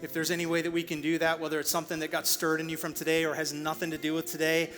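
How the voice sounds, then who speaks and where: A man's voice: fairly high pitch, monotone, very fast, a bit bright, soft background music. Man preaching in a reverberant church hall. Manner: storytelling, playful voices for quotes. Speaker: pastor. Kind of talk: sermon closing story. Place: church auditorium.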